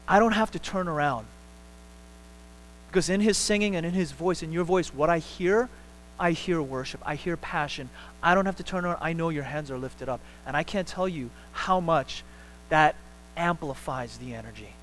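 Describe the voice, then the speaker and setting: A man delivering a sermon from the front of a church, his voice sitting a touch higher than most men's. He talks with lively repetition, doubling back on words and pushing upward when he drives a point home. A faint mains hum lingers under the recording. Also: rough recording. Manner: animated, repeats words and restarts, rises sharply for emphasis. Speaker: pastor. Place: church sanctuary.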